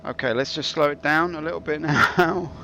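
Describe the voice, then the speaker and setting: A man's voice: a little high, normal speed, creaky, bright, forceful tone, a little hiss or hum. A man giving rambling, jokey commentary over his gameplay, drifting into mock-philosophical musings. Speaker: game streamer.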